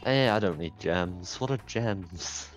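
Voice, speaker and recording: A man's voice: low voice, expressive, slow pace, music in the background. A man playing a game in a race, chatting casually and joking with running commentary. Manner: joking, mutters running commentary and jokey character lines. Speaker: speedrun racer. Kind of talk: casual chat while playing.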